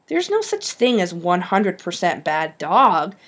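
A woman's voice: fairly low pitch, huge pitch swings, measured pace, slightly rough, exaggerated voice. A woman reading an audiobook, voicing an earnest, insistent schoolgirl who loves animals.

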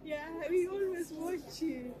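A giggly woman chats with a stranger on the street, sounding surprised and amused. Her voice is very high, and a busy crowd murmurs all around. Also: slow pace. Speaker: passer-by. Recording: crowd noise behind.

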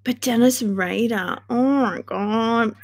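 A woman's voice: a little high, slow pace. A young woman hosting a casual livestream, chatting in a chatty, dramatic way and swearing freely. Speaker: livestream host.

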